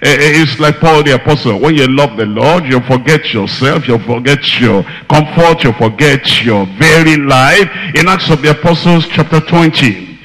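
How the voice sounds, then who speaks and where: A man's voice: fairly high pitch, moderate pace, hardly any pauses, fairly bright tone. A man preaching a sermon, quoting scripture and repeating his key phrases for emphasis. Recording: long hall reverb.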